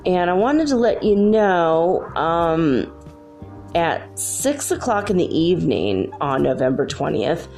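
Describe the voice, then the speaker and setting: A woman's voice: fairly low pitch, sing-song, takes it slowly, darkish tone, faint music behind. A woman hosting a casual solo spiritual talk from her room at home, bubbly and full of "like"s. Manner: chatty, bubbly, many "like"s. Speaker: spiritual channel host.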